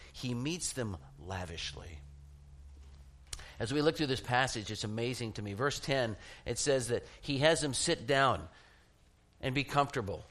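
Man, middle-aged pastor, lively sermon, jokey storyteller, laughs a lot. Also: fairly high pitch. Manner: animated, self-mocking storyteller who laughs at his own jokes.

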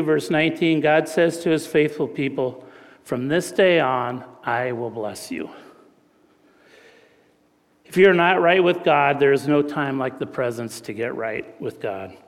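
A man's voice: on the high side, moderate pace. A middle-aged man preaching a conversational sermon, telling family stories in a folksy way and often checking in with "right?". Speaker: pastor. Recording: long reverb of a large hall.

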